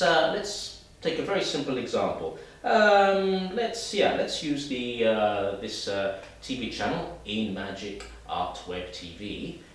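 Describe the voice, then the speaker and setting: A man teaching a video lesson, talking straight to the viewer in a lively, demonstrative way. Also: medium pitch, heavy reverb, recorded from a distance, a little hiss or hum, rough recording. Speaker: English teacher.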